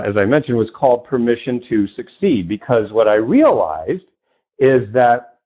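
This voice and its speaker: A man, a podcast guest and success coach, telling stories in an animated, loose way and acting out the people he quotes. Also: medium pitch, highs cut off. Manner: loose, with many "you know" fillers. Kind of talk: conversational interview storytelling.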